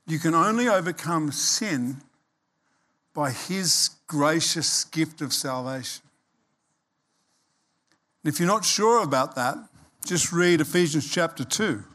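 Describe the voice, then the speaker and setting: A man preaching a sermon as pastor, animated and emphatic, acting out quoted voices. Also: on the high side, slow, long pauses.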